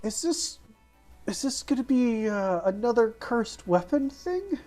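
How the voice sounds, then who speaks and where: A woman's voice: a little high, sing-song, measured pace, dark tone, faint music behind. A woman in tabletop role-play banter, teasing and asking a string of pointed questions. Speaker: player in a tabletop game.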